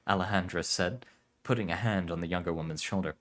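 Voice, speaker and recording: A man calmly narrating a story for a relaxed listen. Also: low-pitched, fast.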